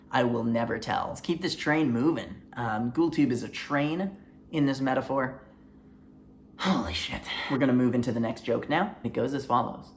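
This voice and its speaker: Deadpan guy reading out and roasting bad jokes, dry sardonic delivery, mid pitch. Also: gravelly, a little hiss or hum. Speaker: comedy video host. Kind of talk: comedic commentary.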